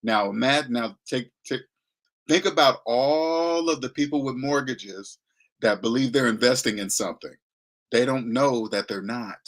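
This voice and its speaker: A finance commentator with a medium-pitched voice and moderate pace gives a blunt, slangy money lecture as a casual monologue. He mocks the voices he imitates.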